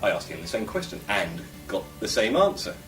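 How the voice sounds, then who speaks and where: A man's voice: lowish voice, sing-song, fairly quick, fairly bright tone, faint music behind. A man from England, a vlogger, talking to camera in a rambling, musing and opinionated way. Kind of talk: casual monologue to camera. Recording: roomy echo, voice from a distance.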